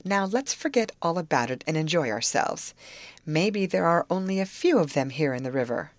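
Woman reading a steady, capable young girl. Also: deep voice, normal speed, dry recording. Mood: calm. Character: calm, capable girl steering the boat.

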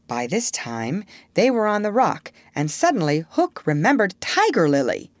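A woman narrating a storybook in an expressive, measured reading. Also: fairly low pitch, no room sound.

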